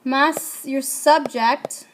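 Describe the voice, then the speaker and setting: A woman's voice: sits high, fairly even intonation, very slow, noisy background. A woman teaching a Spanish grammar lesson, asking her class questions and answering them herself.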